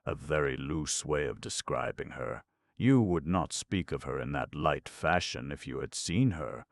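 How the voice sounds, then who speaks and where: Urbane young toff, mock-formal and benevolent, read by a man with a very deep voice. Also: lively intonation, unhurried, vocal fry, dry recording, studio quality, heavily acted. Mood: mock-solemn. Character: suave, unflappable young gentleman, grandly polite.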